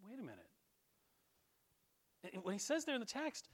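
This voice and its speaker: A man's voice: extremely high pitch, normal speed, pauses often. A middle-aged man preaching a conversational sermon to his congregation in a church, quoting scripture with feeling. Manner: animated, conversational preaching, quotes scripture in a raised voice. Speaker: pastor. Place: church sanctuary.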